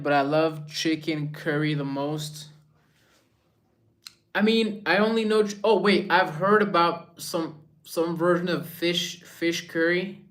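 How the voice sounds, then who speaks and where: A man's voice: on the high side, fairly bright tone. A young man casually chatting on a livestream, reading viewer messages aloud and musing in a laid-back way.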